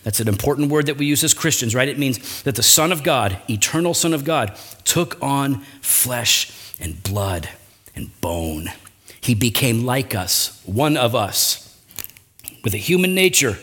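A man preaching a sermon, earnest, with frequent rhetorical asides and big swings in pitch and loudness. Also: lively intonation, unhurried. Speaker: pastor.

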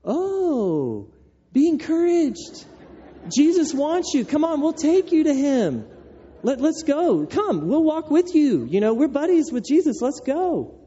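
A man's voice: very high voice, very animated, takes it slowly, warm tone, long reverb tail, voice pushed up, heavily acted. A man voicing a fickle, overeager crowd of churchgoers, gushing and chummy, on a dull lo-fi recording.

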